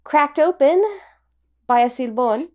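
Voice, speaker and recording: A woman's voice: high voice, takes it slowly, a little mellow. A woman co-hosting a podcast in casual chat. She talks in a giggly, rambling way with lots of fillers. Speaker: podcast co-host.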